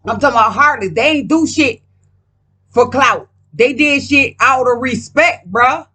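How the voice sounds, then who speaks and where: A woman's voice: sits high, a little slow, sharp tone, slightly rough. A woman vlogger talking casually while reading tarot cards, profane and emphatic, rambling and speaking straight to her viewers.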